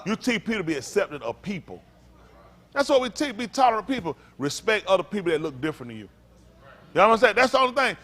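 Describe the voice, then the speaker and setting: A man's voice: high-pitched, sing-song, fast, a bit bright. A man preaching as a pastor in a blunt, profane, rambling informal sermon.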